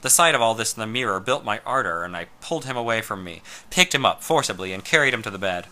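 A man reading a first-person story aloud in a slow, measured way, sometimes dropping to a hush. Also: lowish voice, expressive. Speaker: narrator.

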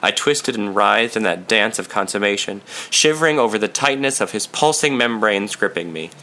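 A man narrating first-person fiction in a measured, steady reading style. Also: fairly low pitch. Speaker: audiobook narrator.

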